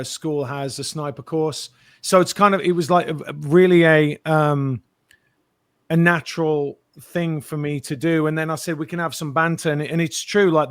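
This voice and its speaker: A man, an actor guest, telling lively anecdotes in an interview and acting out the quotes. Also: a little high, no room sound, clean studio sound. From Britain. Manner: animated storyteller, acts out quotes.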